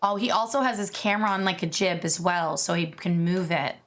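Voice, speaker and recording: A woman streamer chatting casually as she reacts to videos, excitable and gushing, swearing freely. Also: lowish voice, fairly quick. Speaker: VTuber streamer.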